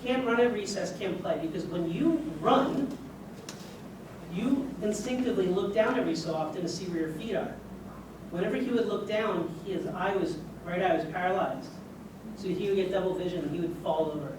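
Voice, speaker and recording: A man's voice: sits high, moderate pace. A man who is a doctor giving a conversational lecture to a live audience, asking them questions as he goes. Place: lecture room. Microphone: far room mic. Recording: echoey room, distant mic, background noise.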